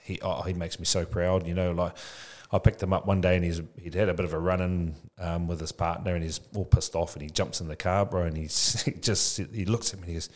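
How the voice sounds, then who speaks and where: A man of about forty with a low, deep voice speaks as a podcast guest. He talks loosely and frankly, dropping "bro" into nearly every thought. His delivery is reflective and open. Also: level tone, fairly quick, hardly any pauses, darkish tone. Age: 40s. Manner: casual, says "bro" often, frank and reflective. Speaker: podcast guest, childcare business founder. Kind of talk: candid conversational interview.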